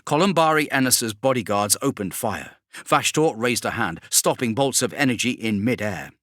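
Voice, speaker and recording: A man narrating a sci-fi audiobook for bedtime in an expressive storytelling manner. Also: medium pitch, moderate pace, dry recording, studio quality.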